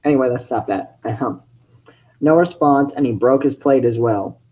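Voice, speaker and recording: A man's voice: medium pitch, moderate pace, dark tone, low-quality recording. A man hosting his channel, reading fan fiction aloud with chatty, self-interrupting commentary.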